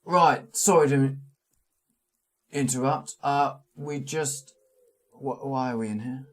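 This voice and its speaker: A man voicing a genteel viscount guiding a tour, rambling and halting. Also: medium pitch, pitched above the performer's own voice, natural voice. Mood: chatty. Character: genteel male viscount, chatty tour guide.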